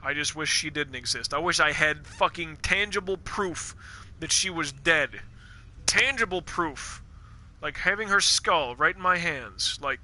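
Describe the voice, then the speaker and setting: Man, live game streamer, very bright voice, slightly high, rambling profane rants. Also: unhurried.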